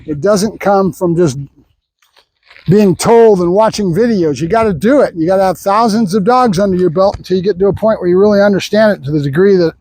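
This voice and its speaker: High-voiced opinionated older male dog trainer. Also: a little fast, a little mellow, no echo, poor audio. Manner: opinionated, rambling, breaks off to praise the dog. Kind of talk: training vlog with running commentary.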